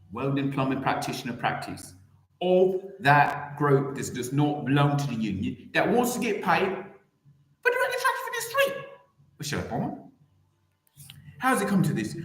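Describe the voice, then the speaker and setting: A man hosts his own YouTube channel, launching into a rambling satirical rant full of theatrical pitch swoops and words repeated again and again. The recording is rough and the sound feels roomy.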